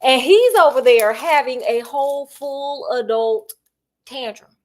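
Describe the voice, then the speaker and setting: A woman's voice: high voice, unhurried. A woman, chatting while she cooks and gossiping about reality TV in a sassy, dramatic way. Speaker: cooking vlogger. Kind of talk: casual chat while cooking.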